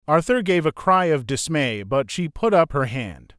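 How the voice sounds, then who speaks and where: A man narrating a gothic audiobook in an expressive storytelling manner. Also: fairly high pitch, normal speed, few pauses, no echo, clean studio sound. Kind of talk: scripted narration.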